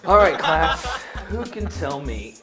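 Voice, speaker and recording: A woman plays a measured professor in a comedy sketch clip, speaking low with lively ups and downs. Music plays clearly behind her. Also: heavily acted. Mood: teacherly. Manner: measured, teacherly. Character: calm female professor teaching a class.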